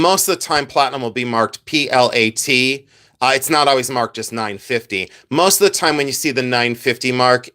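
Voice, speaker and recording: A man's voice: mid-range voice, bright, forceful tone. A man hosting a casual jewelry live stream, rambling, reading chat messages aloud and laughing easily.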